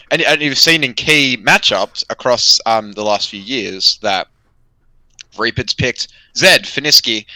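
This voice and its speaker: Bright-voiced young man, halting chat. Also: lowish voice, no echo, rough recording. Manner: hesitant, many fillers and restarts. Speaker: podcast co-host. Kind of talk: casual esports chat.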